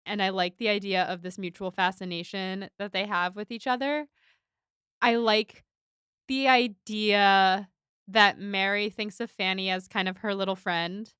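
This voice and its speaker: A woman co-hosting a podcast, talking through a book in a chatty, loose way, with a smooth, clear voice. Her speech is full of "like" and "kind of" fillers. The sound is dry and close, with no room around it. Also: medium pitch, fairly even intonation, unhurried, a bit bright, dry recording. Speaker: podcast co-host. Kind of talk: casual book discussion.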